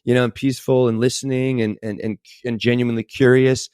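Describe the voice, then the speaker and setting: A man co-hosting a casual podcast, talking in a rambling, animated way with restarts and the odd swear word. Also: mid-range voice, brisk, smooth, no echo, studio quality. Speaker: podcast co-host.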